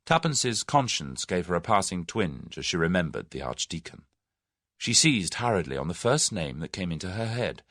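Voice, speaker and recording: Deep, gravelly male audiobook narrator. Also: no echo, studio quality. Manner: measured, expressive storytelling. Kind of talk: scripted narration.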